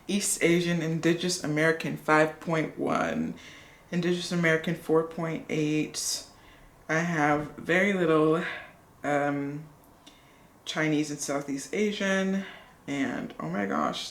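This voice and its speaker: Low, gravelly-voiced excitable woman vlogger. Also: roomy sound. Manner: excitable, gushing. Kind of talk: casual vlog, reading results aloud.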